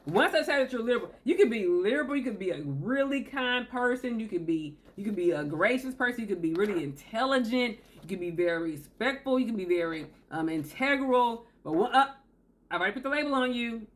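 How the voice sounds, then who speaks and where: A woman's voice: on the high side, lively intonation, brisk. Woman host, emphatic advice talk, repeats key phrases, talks to camera. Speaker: self-help video host.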